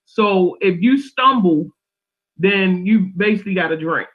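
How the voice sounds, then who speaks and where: High-pitched male co-host, rambling casual explainer, muffled lo-fi call. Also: animated, unhurried. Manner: rambling, repetitive explainer, swears freely. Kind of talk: casual group chat. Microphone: remote call.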